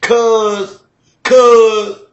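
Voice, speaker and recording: A Chicago man putting on the voice of a loud, brash male rapper who yells in a high, rowdy voice. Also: flat delivery, very slow, reverberant, highs cut off, full character voice. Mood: hyped. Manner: yelling, high-pitched, rowdy.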